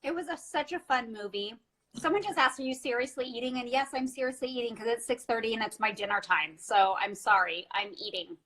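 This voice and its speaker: A woman's voice: on the high side, brisk, fairly bright tone, low-quality recording. A woman hosting a casual live chat from indoors on a phone, bubbly and chatty, laughing often. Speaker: livestream host. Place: indoors at her quarantine lodging.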